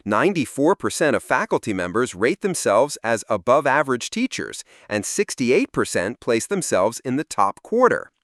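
A man giving a measured, scripted explanatory narration. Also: medium pitch, very animated, fairly bright tone, no echo, clean studio sound.

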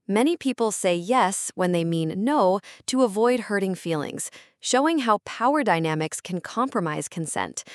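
A woman delivers scripted educational narration at an ordinary mid pitch for her sex. She paces through each point in a measured, even reading. The sound is dry and close, with no room around it. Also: no room sound. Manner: measured, steady reading of lists.

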